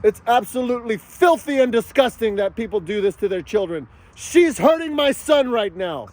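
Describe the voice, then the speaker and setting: A man ranting angrily to camera, yelling and cursing in a furious outburst. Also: very high voice, animated, normal speed. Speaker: father vlogging about a custody battle. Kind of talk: angry outdoor rant to camera.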